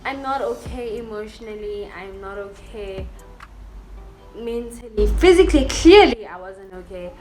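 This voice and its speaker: Young woman, storytime vlogger, mid-pitched, candid and emotional, loose casual delivery, music bed underneath. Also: fairly even intonation, measured pace, a little mellow. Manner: candid and emotional, full of 'like' and 'you know'. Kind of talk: storytime vlog, casual chat. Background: background music.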